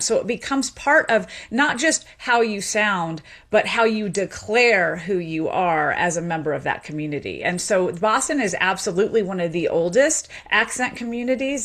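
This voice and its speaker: A woman in her thirties from the American South speaks as a linguist guest in an interview. She explains in a lively, articulate way and laughs easily. Her voice is mid-pitched.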